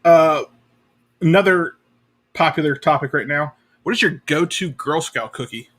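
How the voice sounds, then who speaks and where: A man co-hosting a casual chat, upbeat and curious, firing off quick questions. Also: fairly high pitch, fairly bright tone.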